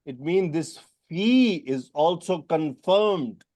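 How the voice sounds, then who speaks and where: In a Quran grammar lesson, a male teacher whose English is non-native calls on students by name to quiz them. His slightly high voice is expressive and a little mellow, and he explains terms slowly.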